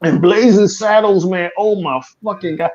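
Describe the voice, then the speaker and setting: A podcast co-host from the Philadelphia area chats casually, telling stories loudly and profanely and slipping into impressions. His voice is high-pitched at normal speed. The audio is dull, lo-fi stream sound.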